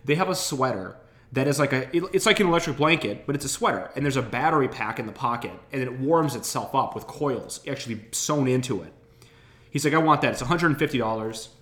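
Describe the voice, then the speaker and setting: A man's voice: mid-range voice, animated, fairly quick, a bit bright. A man hosting a podcast, telling a rambling, wry, complaining story while getting over an illness. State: recovering from illness. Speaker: podcast host. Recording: roomy echo.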